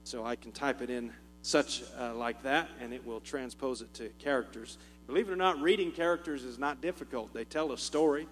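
A man with a Southern US drawl speaks to a congregation in a relaxed, folksy way, full of small jokes and "uh"s. His voice rings out in a long reverb, and soft music and a low mains hum sit behind it. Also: fairly quick, hardly any pauses. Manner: folksy, joking, chuckles often, many "uh" fillers. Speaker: missionary speaking to a church. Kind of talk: informal church talk with humor.

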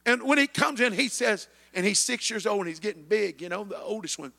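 Male preacher, 50s, high and gravelly, builds to shouting, echoey hall. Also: animated, fairly quick. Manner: builds to shouted climaxes, chanting amen. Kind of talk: sermon.

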